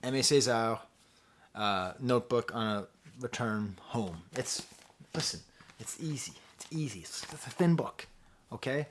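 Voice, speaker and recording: A man's voice: mid-range voice, expressive, a little hiss or hum. Impassioned man reviewing a record. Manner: impassioned, emphatic, quick to laugh; talks straight to the viewer, teacherly asides. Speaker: music reviewer hosting his own channel. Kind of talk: casual record review monologue.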